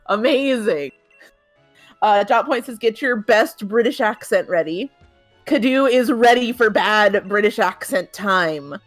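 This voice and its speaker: A woman's voice: mid-range voice, expressive, measured pace, dry recording, soft background music. A young woman co-hosting a game stream, teasing her friend and reading out chat. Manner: chatty, teasing, laughing. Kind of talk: casual gaming commentary.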